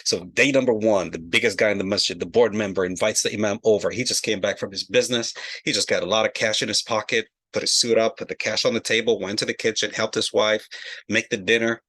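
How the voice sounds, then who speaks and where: A man telling a comic story with animated, brisk delivery. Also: on the low side, breathy edge. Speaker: comedic storyteller.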